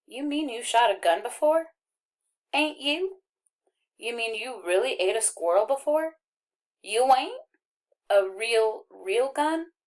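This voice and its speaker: A woman's voice: a little high, lively intonation. A woman reading an audiobook, voicing a friendly, boastful country boy from Arkansas with a folksy drawl. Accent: rural Arkansas. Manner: folksy drawl, jabbering fast and eager.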